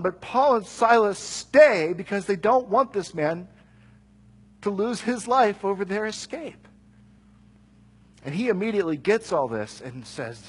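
A middle-aged man preaching a sermon, reading scripture and adding lively conversational asides. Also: high-pitched, breathy edge, poor audio. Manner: conversational, animated asides with quick jokes.

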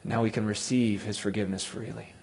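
A man preaching a sermon, quoting scripture with dramatic swings from loud cries to hushed tones. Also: on the low side, level tone, fairly quick, vocal fry, husky.

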